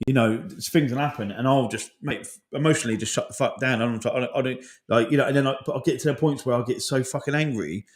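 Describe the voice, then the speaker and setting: Brisk, candid man in his 40s, podcast host, heavy swearing, rambling and heartfelt. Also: mid-range voice. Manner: swears often, rambling, emotional. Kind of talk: casual chat.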